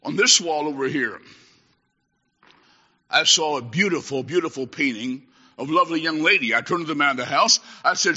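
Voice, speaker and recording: A man preaches with fierce passion, his fairly high voice cutting and sharp as it rings through a long-echoing hall. He rises into shouted pleas and then drops to a hushed storytelling tone. The recording is dull and lo-fi. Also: fairly quick, husky. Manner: impassioned, swings from shouted exhortation to hushed storytelling. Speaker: traveling preacher. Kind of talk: sermon. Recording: echoey hall, dull lo-fi sound.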